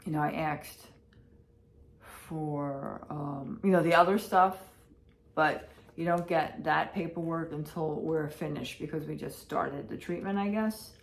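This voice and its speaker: Woman vlogger, casual, repetitive, emotional, a bit low-pitched, roomy echo, faint noise. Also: measured pace, creaky. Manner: rambling and repetitive, anxious and emotional. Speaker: vlogger and pet owner. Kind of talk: casual day-in-the-life vlog.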